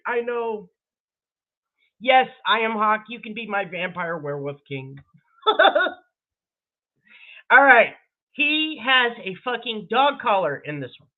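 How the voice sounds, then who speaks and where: A woman's voice: a little high, slow, pauses often. A woman hosting a reaction commentary video, swearing freely and breaking into laughter. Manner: profane, laughing, animated. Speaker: commentary host. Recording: tinny phone-like sound.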